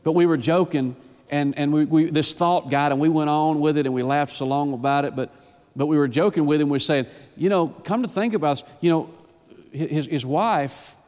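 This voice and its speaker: A man preaching a sermon in a church, fervent, often acting out voices and rising to an excited pitch. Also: normal speed, in a large hall. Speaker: pastor. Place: church sanctuary.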